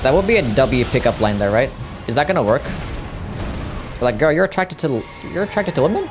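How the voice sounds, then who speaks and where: Australian man, young, laid-back, sweary, lively pitch, faint game music behind. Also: brisk. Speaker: streamer. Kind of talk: casual chat while gaming.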